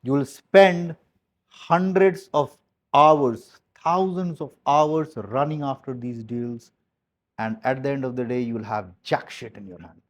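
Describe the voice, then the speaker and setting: A man coaching his sales team in a motivational talk. His delivery is blunt and emphatic, with key phrases hammered home again and again. His voice sits at a mid pitch, and his speech mixes mild swearing with plain advice. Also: a little slow.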